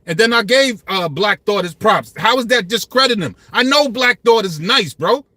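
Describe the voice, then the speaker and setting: A man's voice: high-pitched, expressive, moderate pace, bright, forceful tone, no echo. A man in his fifties hosting a hip-hop commentary channel, talking passionately and emphatically in street slang. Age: 50s. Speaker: channel host.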